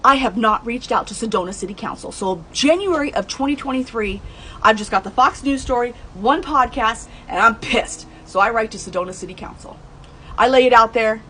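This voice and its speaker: Woman, thirties or older, first-person vlogger, blunt and heated, voice sits a touch high, faint room noise. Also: brisk, sharp tone, poor audio. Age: adult, over 30. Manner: blunt and heated, swears, rises to high outbursts. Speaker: true crime vlogger telling her mother's case. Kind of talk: emotional first-person storytelling.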